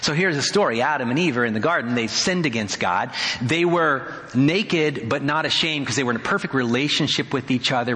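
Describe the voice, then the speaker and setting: A male pastor delivering a sermon in a conversational, animated way, with touches of wry humor. His voice is bright and forceful. It carries the long reverb of a church sanctuary. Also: medium pitch. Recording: hall reverb.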